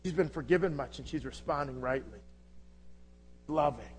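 A man preaching an impassioned sermon, asking rhetorical questions and swinging between loud and hushed delivery. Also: mid-range voice, normal speed, a little hiss or hum. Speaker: pastor.

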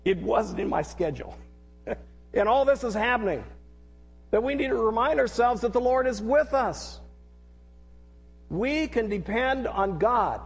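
A middle-aged male pastor preaches with earnest repetition and leads call-and-response. His voice sits high for a man. The long reverb of a large hall trails after every phrase. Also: lively intonation, unhurried, creaky, long pauses, slightly rough. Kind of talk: sermon.

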